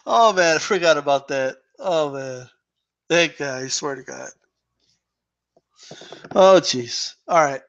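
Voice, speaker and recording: High-voiced, laughing boxing stream host. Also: male voice, slow pace, vocal fry, pauses often, a bit bright, dull audio. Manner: laughs often, slangy, swears casually. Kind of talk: casual chat reading viewer questions.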